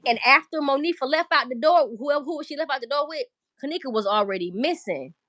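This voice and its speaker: A woman's voice: on the high side, fairly bright tone, no echo. A woman commenting on clips in a casual, emphatic way, repeating her points and swearing freely.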